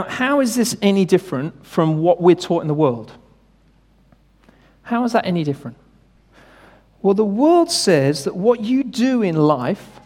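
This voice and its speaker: A man's voice: high voice, darkish tone, big-room sound. A man preaching a sermon in a conversational, emphatic way, often asking his listeners questions.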